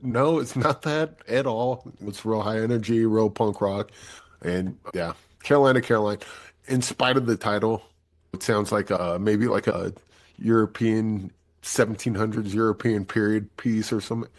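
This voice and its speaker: A man's voice: on the low side, normal speed. A man hosting a movie review podcast in casual chat, acting out quotes as he talks. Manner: animated, acts out quotes. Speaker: podcast host.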